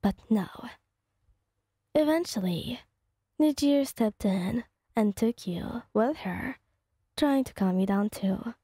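A woman's voice: on the high side, expressive, slow pace, pauses often, dark tone, breathy edge, dry recording, clean studio sound. A woman casually narrating a second-person fan story in a loose, rambling way.

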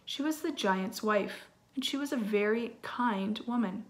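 Expressive woman teacher reading a story. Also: fairly high pitch, a little slow. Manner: expressive, with asides to listeners. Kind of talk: reading a storybook aloud to children.

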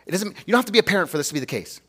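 A man's voice: high voice, big pitch swings, racing, a bit bright. A man preaching a sermon as a pastor, earnest and emphatic, talking to the congregation conversationally and asking rhetorical questions.

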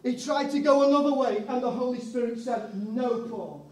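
A man's voice: very high-pitched, normal speed, darkish tone. A man preaching a sermon, telling a story and acting out the people in it. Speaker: pastor. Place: church hall. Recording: echoey church hall, mic far off.

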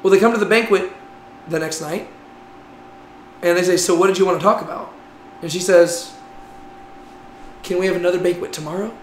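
A man's voice: high-pitched, fairly even intonation, fairly quick, pauses often. A man teaching a Bible class in a conversational way, often checking in with "right?". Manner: conversational, frequent "right?" tags. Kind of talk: casual Bible class lecture. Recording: echoey room with faint noise.

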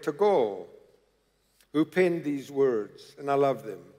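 His fairly high pitch has a darkish tone, and he delivers slowly. This South African preacher is emphatic and dramatic, repeating phrases for effect, his sermon echoing through a large, reverberant church hall.

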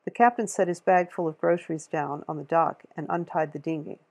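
A woman reading a novel aloud in a steady, measured way, with a gravelly, husky voice. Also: deep voice. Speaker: audiobook reader.

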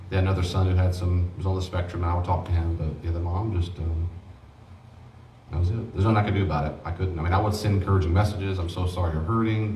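A man's voice: deep voice, darkish tone, slight background noise. A man preaching a teaching sermon on grief as a pastor, earnest and conversational, repeating himself for emphasis. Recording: echoey room, mic at a distance.

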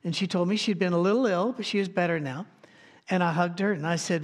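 A man with a noticeably high voice delivers a relaxed, conversational sermon from the pulpit. He speaks as a pastor, weaving homespun stories with offhand asides and gentle self-mocking humor. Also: quick pace. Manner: folksy storytelling with asides and light humor. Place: church.

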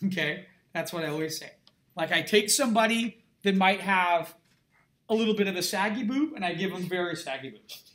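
A man's voice: sits high, pushed and bright. A middle-aged man, an art instructor, giving a classroom lecture in an emphatic, conversational way and checking in with his students often.

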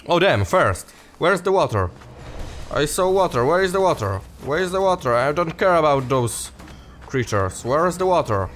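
Excitable gamer guy with a lively voice. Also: fairly high pitch, normal speed. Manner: excitable, laughing, talks to viewers as guys. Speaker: gaming youtuber. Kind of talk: casual let's play commentary.

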